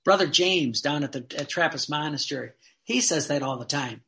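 A fervent religious teacher delivering a sermon-style talk, with a bright, forceful tone at a middling pitch. The delivery is earnest, and it slows down deliberately whenever a passage is read aloud.

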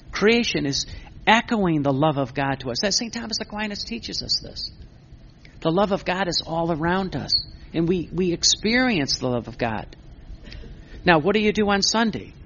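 A man's voice: a little high, creaky, a bit bright, slight background noise. A man preaching a sermon, earnest, asking questions and answering them himself, recorded on a muffled lo-fi recording. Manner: earnest, repeats words while building a point. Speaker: Catholic preacher.

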